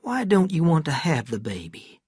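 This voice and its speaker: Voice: medium pitch, huge pitch swings, moderate pace, slightly rough, no echo, studio quality, voice pushed up, heavily acted. A reader doing Doctor Tilson, a stern country doctor. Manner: firm, at times hushed and soft. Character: stern but kindly male country doctor.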